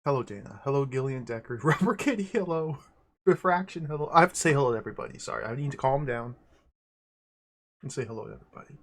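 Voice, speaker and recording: A man hosting a video game livestream, greeting viewers by name in an excitable, giggly way. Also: medium pitch, fast talker. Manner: excitable, laughs often, greets chat by name. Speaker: livestream host. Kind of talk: casual livestream chat.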